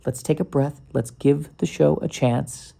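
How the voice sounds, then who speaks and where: A man's voice: a little high, fairly even intonation, a little slow, gravelly, mellow. A man hosting his own podcast, rambling casually with sarcasm, restarts and bursts of mock panic. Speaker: podcast host.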